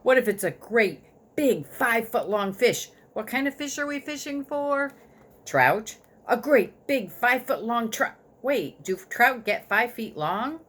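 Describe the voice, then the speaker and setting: A woman's voice: fairly high pitch, expressive, a little slow, fairly bright tone, breathy edge, voice pushed up, heavily acted. A woman reading a storybook aloud, voicing a curious young boy who is eager and full of questions.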